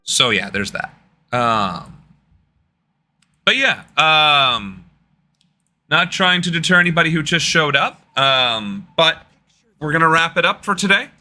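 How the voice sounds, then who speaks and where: A young political streamer from the US talks loosely to his live-stream chat while gaming, cracking jokes. His fairly high voice swings widely in pitch, unhurried and pausing often, bright and forceful, with faint music in the background.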